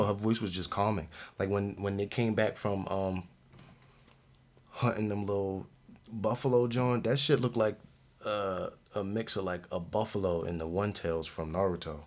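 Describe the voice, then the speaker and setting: A young man hosting a podcast, giving a casual, slangy review of a show with frequent laughs and animated outbursts. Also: normal speed. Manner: animated, slangy, laughs often, loud jumps in pitch. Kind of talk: casual solo review chat.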